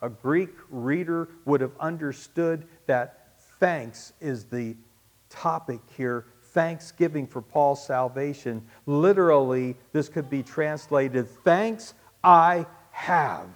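A pastor with a medium-pitched voice preaches slowly to his congregation. His sermon swings between loud, emphatic peaks and hushed asides, and he repeats key phrases to drive them home.

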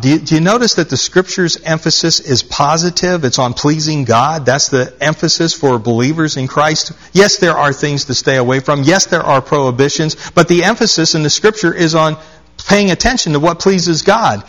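Emphatic preaching man, slightly high voice. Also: a bit bright. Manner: emphatic, repeats key phrases, reads scripture aloud. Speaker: pastor. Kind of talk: sermon.

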